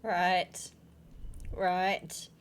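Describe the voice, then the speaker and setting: A woman's voice: fairly low pitch, level tone, extremely slow, slight background noise. A woman hosting a horror-game playthrough, chatting and reacting aloud as she reads the game's text. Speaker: gaming video host. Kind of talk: let's-play commentary.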